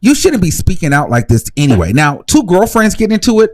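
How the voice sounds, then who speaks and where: Sassy high-voiced man dishing gossip. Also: fast, dry recording. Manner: sassy, animated gossip with shrieking laughs and mock voices. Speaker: commentary host. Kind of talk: live reaction commentary.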